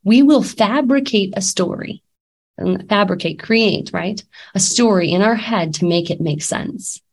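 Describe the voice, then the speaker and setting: A woman's voice: medium pitch, a little slow, creaky, a little mellow. A woman in her thirties, a life coach, talking candidly and casually with many fillers and restarts, a little sick. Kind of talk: casual talk to camera.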